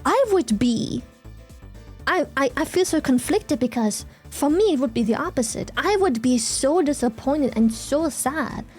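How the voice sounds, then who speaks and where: A woman's voice: high voice, expressive, a little slow, faint music behind. A young woman streamer chatting casually with her viewers, ranting animatedly, swearing freely and reacting to chat.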